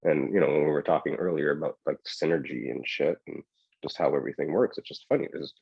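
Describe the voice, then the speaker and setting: A man's voice: a bass voice, quick pace, gravelly, slightly rough, no room sound, dull audio. A man co-hosting a podcast, talking in a loose, rambling way full of "right?" and "yo". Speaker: podcast co-host. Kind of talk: casual chat.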